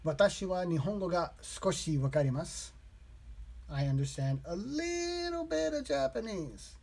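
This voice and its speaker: A man vlogging his language study, slowly repeating practice phrases aloud in a casual way. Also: high voice, big pitch swings, gravelly, darkish tone. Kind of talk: casual self-taught lesson vlog.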